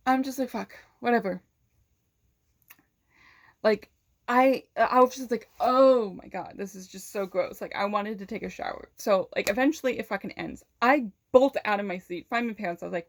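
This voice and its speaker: A young woman vlogger telling a personal story casually, animated, swearing often and filling her talk with "like", laughing between lines. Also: fairly high pitch, normal speed, pauses often, no room sound, studio quality. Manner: many fillers of "like".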